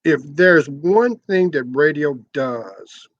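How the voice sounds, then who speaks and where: A man's voice: on the high side, expressive, slow, no room sound, muffled recording. An older man talking as an interview guest about his long radio career, explaining at length and often repeating words as he restarts. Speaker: interview guest, former radio sales manager. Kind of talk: conversational interview.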